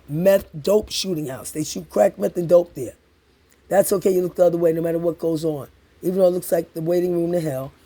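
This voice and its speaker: Gravelly high-voiced man ranting angrily. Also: mellow. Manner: accusatory, profane, repetitive. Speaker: tenant confronting building super. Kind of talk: angry recorded rant.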